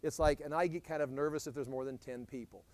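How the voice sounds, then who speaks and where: A middle-aged man, teaching a Bible study in an animated way, often restarting his sentences. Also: a little high, quick pace, no room sound. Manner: animated, acts out scripture quotes, frequent restarts.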